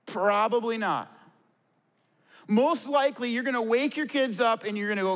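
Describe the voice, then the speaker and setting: A pastor with a notably high voice delivers an earnest sermon, asking questions and answering them himself. His words ring out through a large hall with a long, lingering reverb. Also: normal speed, pauses often, fairly bright tone. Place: church stage before a congregation.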